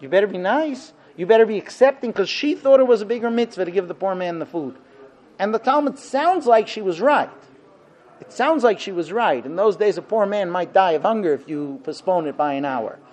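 A man giving a Torah lecture, animated, with rhetorical questions and acted-out dialogue. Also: high voice, a little fast, poor audio.

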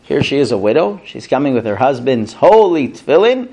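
A man's voice: mid-range voice, very animated, a little fast, warm tone. A man teaching a Talmud class to students, telling a story animatedly and acting out the quotes. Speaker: Torah teacher.

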